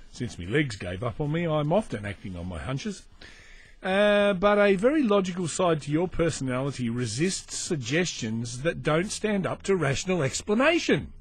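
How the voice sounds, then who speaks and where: A man's voice: on the high side, big pitch swings, moderate pace, slightly rough, no room sound, faint music behind. A man hosting a comedy podcast, rambling through a dry, mocking monologue and getting easily sidetracked.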